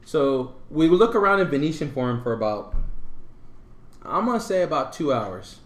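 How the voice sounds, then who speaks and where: A man's voice: on the high side, moderate pace. Man telling a rambling story, roomy sound. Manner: rambling, animated retelling with filler words. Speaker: podcast co-host. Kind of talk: casual storytelling. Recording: roomy echo.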